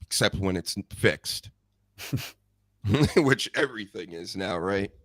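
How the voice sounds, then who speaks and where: A man hosting a podcast, ranting in an animated, sarcastic, profane way. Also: sits low, slow, dry recording, clean studio sound. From United States. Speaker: podcast host. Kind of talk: casual ranting chat.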